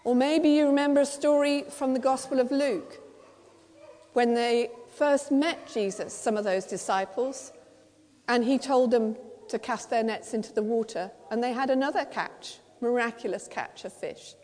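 English woman preacher, gentle storytelling sermon, mellow voice, church reverb. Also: a little high, moderate pace. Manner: gentle storytelling, acts out quotes softly.

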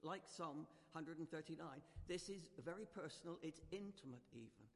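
A man preaching a gentle, conversational sermon in a church, leading the congregation to join in. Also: a little high, lively intonation, moderate pace. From United Kingdom. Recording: reverberant church hall.

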